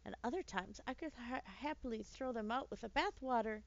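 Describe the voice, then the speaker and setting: A woman voicing a sweet elderly working-class nanny who talks gently in old-fashioned speech, with a touch of bitterness. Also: mid-range voice, moderate pace, clean tone, natural voice. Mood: gentle. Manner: gently chatty, archaic speech, mildly bitter. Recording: dull lo-fi dry recording.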